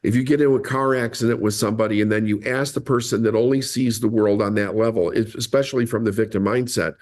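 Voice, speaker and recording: A man's voice: mid-range voice, fast talker, hardly any pauses, darkish tone. A man as a podcast guest, explaining his ideas earnestly and driving points home by repeating them. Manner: earnest, explanatory, emphatic repetition. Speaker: podcast guest, mindset coach. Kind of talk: explaining in an interview.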